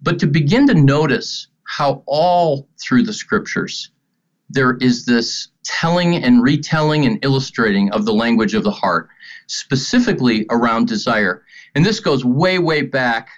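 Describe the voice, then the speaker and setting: A middle-aged man speaking earnestly about faith, telling stories with animated, acted-out quotes. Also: mid-range voice, unhurried. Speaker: ministry guest speaker. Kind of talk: earnest spoken teaching on faith. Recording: dull lo-fi sound.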